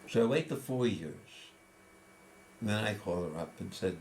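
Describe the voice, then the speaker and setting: Deep, darkish and expressive, this octogenarian's voice moves at normal speed as he reflects on his life in an interview. He tells personal stories conversationally and casually, often restarting. Slight background noise can be heard.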